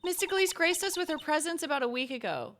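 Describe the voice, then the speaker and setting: A woman's voice: sits high, big pitch swings, quick pace, fairly bright tone, slight background noise, pitched above the performer's own voice. A woman voicing an elderly, chatty temple nun, reading game dialogue aloud in a gossipy tone.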